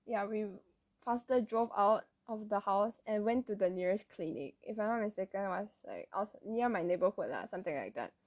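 A woman's voice: medium pitch, animated, a little fast, dry recording. A young woman with a Malaysian English accent, chatting casually and rambling through childhood stories with frequent self-amused laughs. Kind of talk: casual storytelling.

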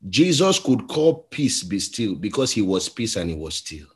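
A man with a Nigerian accent preaching a sermon as a pastor. He tells stories and acts out the voices in them, moving between quiet and loud. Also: fairly low pitch, big pitch swings, normal speed. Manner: storytelling, acts out voices in a story, shifts between soft and loud.

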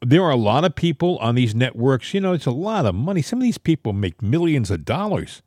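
A male podcast co-host talks in a pointed, opinionated manner, pressing his points with emphasis. His voice sits at an ordinary middle pitch. The recording is close and dry, with no room sound. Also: sing-song, fairly quick, a little mellow, no echo. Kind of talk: casual political chat.

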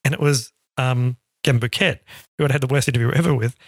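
Man, middle-aged, from Australia, interview guest, lively storytelling, quick talker. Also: medium pitch, no echo, clean studio sound. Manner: animated, acts out quotes in storytelling. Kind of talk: casual storytelling.

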